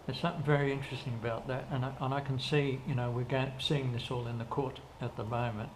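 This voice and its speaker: With a flat delivery and a quick pace, an older man in a mid-range voice rambles through lengthy stories as an interview guest. He keeps restarting and quoting dialogue in this casual storytelling, recorded with faint background noise.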